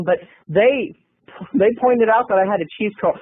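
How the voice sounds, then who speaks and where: A man telling a comic story about himself, acting out the lines of the people in it in squeaky voices. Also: normal speed. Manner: acts out quotes in squeaky high voices. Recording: tinny phone-like radio sound.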